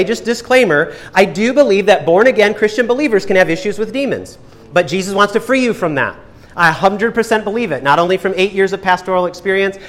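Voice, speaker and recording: A young man preaching from the pulpit with a fairly high voice. He shifts from soft, slow emphasis to quick, lively asides and briefly acts out voices in his stories. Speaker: pastor. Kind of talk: sermon.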